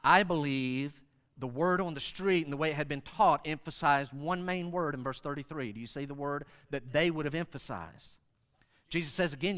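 Bright-voiced pastor preaching. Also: male voice, a little high, clear, resonant tone, in a large hall. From Western North Carolina. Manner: animated preaching, acts out kids' voices. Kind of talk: sermon.

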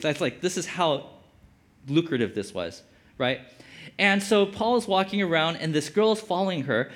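A man's voice: a little high, fairly bright tone. A man giving casual Bible teaching as a preacher, conversational and full of filler words. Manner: conversational, lots of "like" fillers, acts out quotes.

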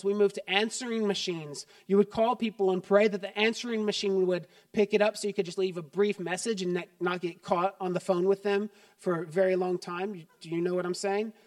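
A middle-aged man preaching a sermon as pastor, conversational and joking, turning quiet and earnest. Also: high voice, dry recording, far from the mic.

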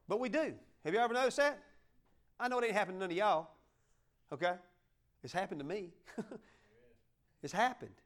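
A man's voice: sits high, a bit bright. A man preaching a folksy sermon, joking with his congregation and asking them to help him along. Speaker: pastor.

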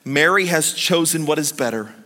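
A male pastor voicing a patient, gentle male teacher, speaking low and soothingly. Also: lively intonation, normal speed, long reverb tail.

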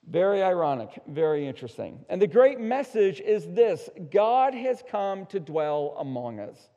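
A male pastor preaching an emphatic sermon, swinging between hushed asides and loud, slowed-down declarations. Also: sits high, big pitch swings. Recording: dull sound with long hall reverb.

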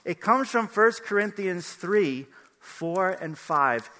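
A man's voice: high-pitched, slow, long reverb tail. An older man giving a conversational sermon as a pastor, asking his listeners questions. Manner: animated, conversational, asks the audience questions.

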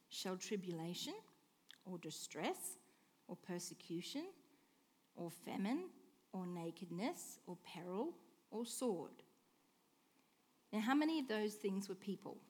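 A woman preaching a sermon, asking rhetorical questions and swinging between hushed and emphatic lines. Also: mid-range voice. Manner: expressive, swings from soft hush to emphatic declaring; slow, deliberate delivery with rhetorical questions.

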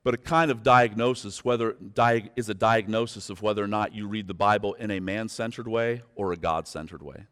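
A man preaching a sermon as pastor, turning from quiet, slow reflection to loud, fervent pleading with his listeners. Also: on the low side, steady tone, smooth. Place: church sanctuary. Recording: long hall reverb.

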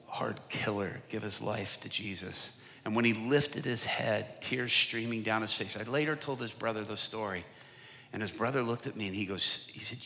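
A man preaching at a conference, telling a story that swings from hushed whispers to loud, impassioned bursts. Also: mid-range voice, vocal fry. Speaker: evangelist. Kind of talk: sermon storytelling. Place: conference stage. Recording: large hall with long reverb.

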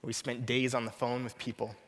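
A man's voice: medium pitch, flat delivery, a little fast, big-room sound. A man in his thirties preaching an earnest, personal sermon, often repeating a short prayer.

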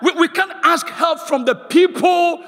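A man preaching a sermon as guest speaker, passionately shouting calls for the congregation to respond, recorded in a church sanctuary. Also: very high-pitched, a little slow, big-room sound.

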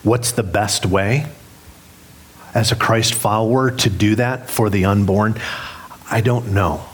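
A man's voice: on the low side, slow, husky. A middle-aged man preaching a sermon as pastor, candid and self-deprecating as he tells a story with humor. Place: church sanctuary.

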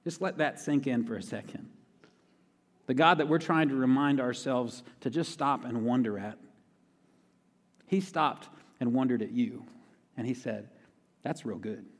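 A man's voice: mid-range voice, unhurried, pauses often. A man preaching a sermon in a conversational way, repeating key phrases for emphasis. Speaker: pastor. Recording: long reverb of a large hall.

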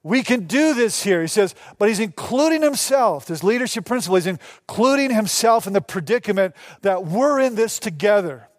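Male pastor, sermon delivery, fairly high voice, close dry sound, acts out the lines he quotes. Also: moderate pace, few pauses, dry recording. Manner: animated, acts out quoted dialogue.

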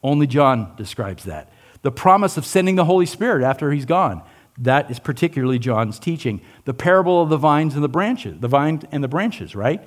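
A man preaching a sermon in a fairly high voice whose pitch swings widely. He questions his listeners, plays out quoted lines, and sinks low and quiet on his weightiest points. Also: normal speed. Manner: animated, asks the listeners questions, acts out quotes; drops low and soft on key lines. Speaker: pastor.

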